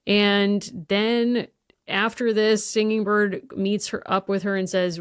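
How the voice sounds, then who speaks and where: A woman's voice: medium pitch, level tone, a little slow, smooth, dry recording, studio quality. A woman co-hosting a podcast, recapping a book's plot in detail with enthusiastic asides. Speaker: podcast co-host. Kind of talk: casual podcast discussion.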